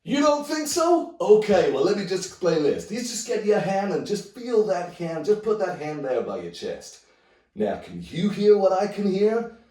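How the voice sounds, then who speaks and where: A man's voice: sits high, very animated, normal speed, a little mellow, voice pushed up. A man voicing a slick, showy male drum teacher with a put-on American accent and cheesy, salesman-like patter. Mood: cheesy hype. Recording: roomy echo, mic at a distance.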